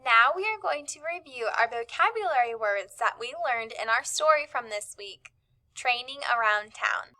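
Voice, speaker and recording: A woman's voice: a little high, expressive, normal speed, sharp tone. A woman teacher, out of breath, leading a cheerful spelling lesson for young children and encouraging them as she jumps along. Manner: cheerful, encouraging, spells letters aloud while jumping.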